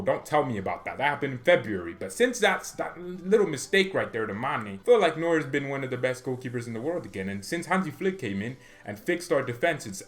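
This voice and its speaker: Joking male football fan vlogger. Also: medium pitch. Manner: joking, rambling, slangy. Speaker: football fan channel host. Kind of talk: casual football commentary.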